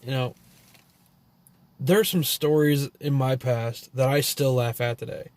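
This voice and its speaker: A man's voice: mid-range voice, fairly even intonation, unhurried, a little mellow, no room sound. A man from Texas with a Texan accent, telling loose, profane stories full of fillers and trailing thoughts. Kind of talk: rambling storytelling monologue.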